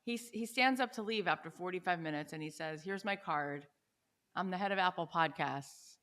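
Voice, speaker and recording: A woman's voice: fairly low pitch, normal speed. Enthusiastic American woman telling stories. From United States. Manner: animated, enthusiastic storyteller, often adds "right?". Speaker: podcast guest. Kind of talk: conversational storytelling interview.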